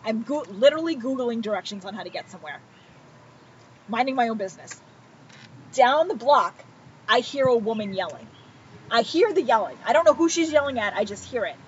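A woman with a slightly high voice tells a story in casual podcast chat. She acts out each character's lines and swears freely. The audio is dull and lo-fi, with a faint hiss behind it. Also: lively intonation, fairly quick, long pauses. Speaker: podcast co-host.

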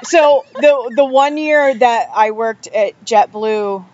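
A woman's voice: a little high, slow pace, a little hiss or hum. Chatty woman telling stories, lo-fi sound. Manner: animated storyteller, acts out quotes. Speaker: podcast guest. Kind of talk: casual podcast chat. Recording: dull lo-fi audio.

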